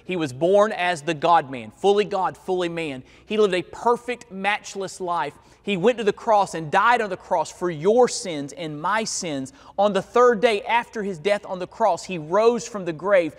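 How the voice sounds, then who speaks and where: A male pastor preaching a sermon in a church, stressing key words and stretching them out slowly. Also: high voice. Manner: emphatic preaching with slow, drawn-out key words. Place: church sanctuary. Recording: long hall reverb.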